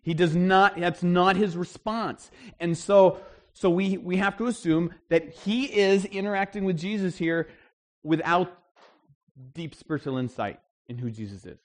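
Male pastor, higher-pitched voice, conversational and emphatic church sermon. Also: measured pace. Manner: conversational preaching, emphatic, acts out the people in the story. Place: church service.

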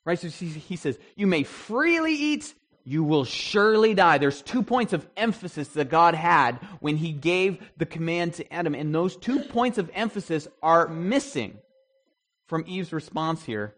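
A man's voice: fairly high pitch, expressive, moderate pace, fairly bright tone. Man leading a casual Bible study. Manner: conversational, poses questions to the group, frequent restarts. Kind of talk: interactive Bible study teaching.

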